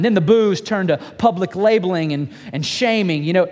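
A man preaching a sermon, dramatically retelling a story, acting out its voices and dropping to hushed whispers. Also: on the high side, quick pace, few pauses, long reverb tail. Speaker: pastor.

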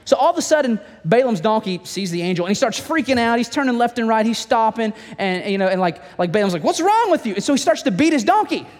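A male pastor preaching a sermon in a church, telling stories in a playful, animated way with asides to the congregation. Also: high voice, fast talker, hardly any pauses, in a large hall.

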